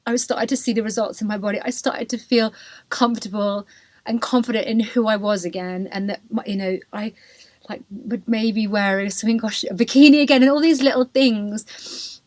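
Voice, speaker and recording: A woman's voice: a little high, steady tone, normal speed, a little mellow, no echo. A woman, hosting a podcast and telling her own story candidly and emotionally, full of "like" and "you know". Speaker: podcast host. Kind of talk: personal storytelling.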